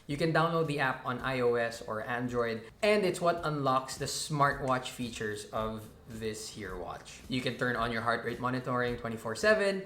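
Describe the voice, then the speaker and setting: A man's voice: medium pitch, expressive, normal speed, few pauses, a bit bright, slight background noise. A man from the Philippines hosting a casual, chatty tech review to camera. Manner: chatty and playful. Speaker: tech reviewer, channel host. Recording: echoey room.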